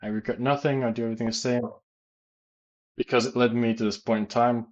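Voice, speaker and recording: American guy rambling through an army story, lots of ums and restarts, average pitch, casual q&a vibe. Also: a little fast, muffled recording. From United States. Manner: rambling, animated, many fillers and restarts. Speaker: gaming YouTuber and teacher.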